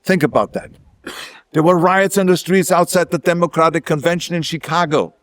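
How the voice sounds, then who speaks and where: Older german-accented guy speechifying at a ceremony, emphatic, cracks jokes at himself, slightly high voice. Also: fairly quick, no room sound, clean studio sound. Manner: emphatic, self-mocking humor. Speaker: guest speaker. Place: outdoor ceremony.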